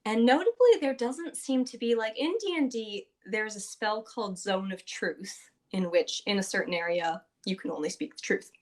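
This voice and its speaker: A woman's voice: mid-range voice, moderate pace, few pauses. A woman hosting a podcast, recapping a tabletop game session in a casual, chatty way with plenty of fillers and acted-out quotes. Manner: chatty, filler-heavy, often acts out quotes.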